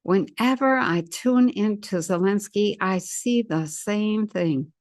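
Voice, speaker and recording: A woman giving a solo commentary as an intuitive commentator, measured and deliberate, with firm opinions. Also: mid-range voice, a little mellow, no echo, clean studio sound.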